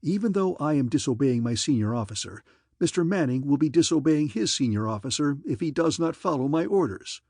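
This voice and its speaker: A man's voice: on the high side, lively intonation, a little fast, darkish tone, no room sound, studio quality. A man reading a stern male squadron commander who speaks in a clipped, commanding way.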